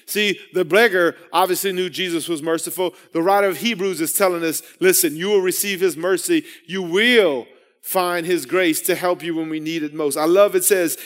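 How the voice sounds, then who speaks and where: Man, sermon, high voice, earnest, repeats and restarts phrases. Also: steady tone, moderate pace, a bit bright. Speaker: preacher.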